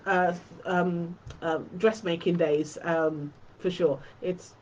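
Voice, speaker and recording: A woman's voice: on the low side, fairly even intonation, takes it slowly, muffled recording, slight background noise. A woman hosting a quilting tutorial live stream, chatting casually and fondly with her viewers.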